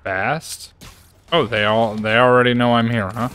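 A man giving casual gameplay commentary, excitable, playful and chatty. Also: mid-range voice, measured pace. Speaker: gaming streamer.

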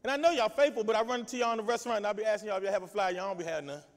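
High-voiced shouting preacher man. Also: racing, in a large hall. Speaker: pastor. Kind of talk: lively sermon with call and response.

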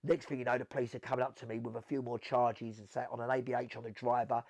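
A man with a South London accent, telling stories in an animated way as an interview guest, acting out what people said. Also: mid-range voice, fast talker, gravelly, dry recording. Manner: animated storytelling, acts out quotes, swears. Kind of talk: storytelling interview.

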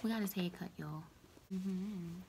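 A woman chatting casually to camera as a beauty vlogger, playful and full of quick asides. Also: fairly low pitch, gravelly, dark tone, a little hiss or hum.

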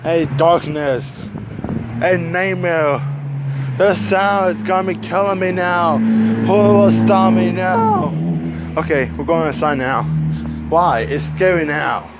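A rambling, foul-mouthed cartoon duck, played by a man in a fan film, talking slowly in a voice set a little high for a man. He startles easily and flies off the handle. Passing cars and street noise come through clearly behind him. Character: Donald Duck, panicky hot-tempered cartoon duck. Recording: outdoor traffic noise.

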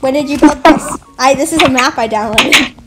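A young woman hosting her own channel, chatting casually and excitedly with friends while they play a game, often giggling. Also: high-pitched, moderate pace, heavy background noise. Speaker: channel host. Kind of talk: casual chat while gaming.

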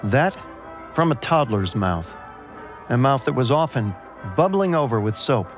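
A man giving measured, dramatic, scripted narration for an audio drama. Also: medium pitch, sing-song, faint music behind.

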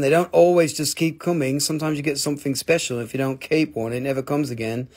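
A man selling minerals on a casual live stream, joking, swearing and rambling as he talks. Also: a little high. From Appalachian Valley, United States.

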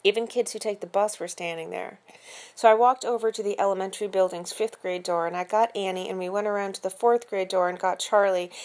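Woman reading a children's novel aloud. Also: mid-range voice. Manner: expressive, conversational storytelling. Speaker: reader.

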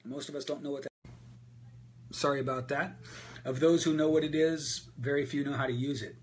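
A man coaching an audience on a group call, answering their questions about voice and speaking in a candid, energetic way with frequent fillers. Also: medium pitch, moderate pace. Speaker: voice and presentation coach. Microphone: video call.

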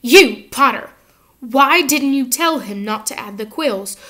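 A woman's voice: high-pitched, a little slow, pushed and bright. A woman voicing a cold, sneering male potions teacher who snaps his words in a clipped, scornful way in an audiobook reading. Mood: snapping.

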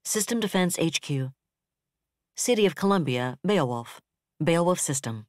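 A man narrating a novel in a steady, measured reading. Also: a little high, no echo, studio quality. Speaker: audiobook narrator. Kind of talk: scripted narration.

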